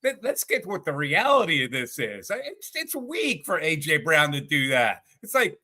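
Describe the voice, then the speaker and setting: A veteran male sports radio guest with a bright, fairly high voice that jumps around expressively. He talks bluntly and rambles with an exasperated edge. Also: sing-song, moderate pace. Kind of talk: opinionated sports talk.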